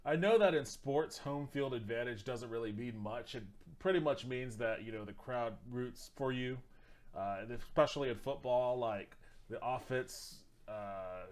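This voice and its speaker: A man's voice: medium pitch, a little slow. A man streaming, reacting to videos in a loose, rambling casual chat that includes some swearing.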